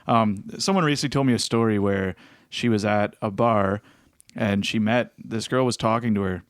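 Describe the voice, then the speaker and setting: A man co-hosting a podcast in casual chat, joking and teasing with quick laughs. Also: on the low side, smooth, no room sound, clean studio sound. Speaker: podcast co-host.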